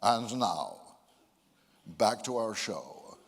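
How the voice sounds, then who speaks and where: Pompous booming male news announcer, low and grave, long hall echo put on by an older man. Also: sing-song, extremely slow, gravelly, breathy edge, exaggerated voice. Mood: solemn. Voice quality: exaggerated deep, solemn broadcaster delivery. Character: pompous deep-voiced male broadcast announcer.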